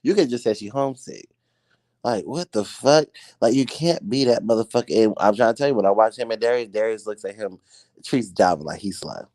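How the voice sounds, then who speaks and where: A man's voice: lowish voice, lively intonation, fairly quick, a little mellow, no room sound, clean studio sound. A man hosting a live stream, giving blunt, profane, heated commentary in casual chat.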